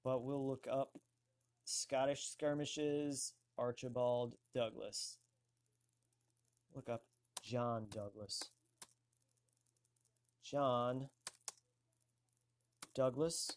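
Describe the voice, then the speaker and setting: A man hosting a casual online talk show, slowly thinking aloud as he looks things up on a computer. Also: mid-range voice, steady tone, a little hiss or hum. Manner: slow, thinking aloud while searching. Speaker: host.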